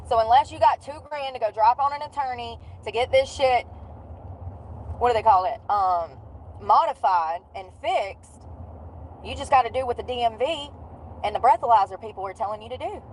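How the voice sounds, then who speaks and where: A slightly high-voiced woman talks in a loose, slangy ramble from the driver's seat of a car, with a faint hum of noise under her voice. She sounds candid and unfiltered, and her story wanders from one detail to the next. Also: normal speed, darkish tone, low-quality recording. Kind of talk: casual storytelling while driving.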